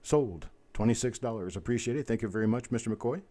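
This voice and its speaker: With a mid-range voice and a dark tone, this auctioneer host runs a live online coin auction. He alternates a fast bid-calling chant with relaxed, folksy chatter.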